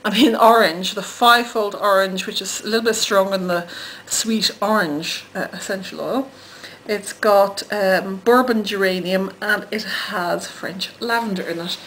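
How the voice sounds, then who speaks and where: A woman's voice: mid-range voice, fairly even intonation, measured pace, a bit bright, slight background noise. A woman who hosts her own channel, chatting casually and giggling as she shows how her soap is made. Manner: chatty and giggly, trails off and hesitates. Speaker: soap maker and channel host. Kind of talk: casual chat while demonstrating.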